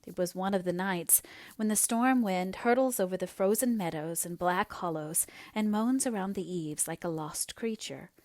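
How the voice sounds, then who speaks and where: A woman narrating an audiobook in a measured, expressive reading voice. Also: fairly low pitch, dry recording.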